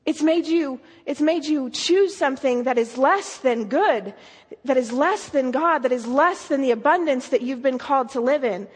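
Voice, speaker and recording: A woman's voice: high voice, normal speed. A woman giving an earnest sermon, telling a story and asking emphatic questions. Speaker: speaker. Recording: long hall reverb.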